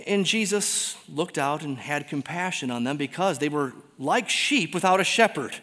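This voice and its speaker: Preacher, male, somewhat high voice; swings from loud exclaims to hushed near-whispers; long church-hall reverb. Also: expressive, moderate pace, hardly any pauses, slightly rough. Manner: reads scripture aloud dramatically. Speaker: pastor. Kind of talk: sermon.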